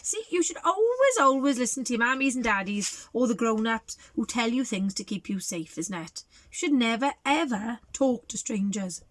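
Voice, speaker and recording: A woman reading a picture book aloud to young children, animated and sing-song, asking them questions. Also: a little high, moderate pace, few pauses, no room sound. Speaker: children's storyteller.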